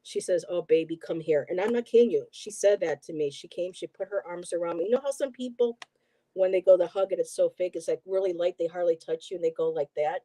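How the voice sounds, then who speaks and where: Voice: medium pitch, fast, dark tone, no echo. A middle-aged host from the Buffalo area, chatting casually and telling stories with lots of "um" and "you know". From Buffalo, New York area. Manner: rambling, emotional storytelling with many fillers. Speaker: host, tarot reader. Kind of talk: casual chat.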